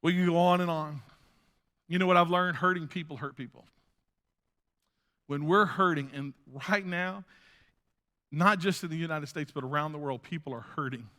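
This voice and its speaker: A male pastor preaching a sermon in an animated way, swinging from loud bursts down to hushed asides. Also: a little high, normal speed, long pauses.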